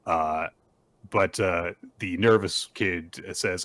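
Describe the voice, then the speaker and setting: Man, podcast host, deep voice, retelling manga, lots of fillers and swearing. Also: expressive, bright, forceful tone. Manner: rambling retelling with fillers and profanity; plays characters' lines in quick put-on voices. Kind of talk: casual manga recap.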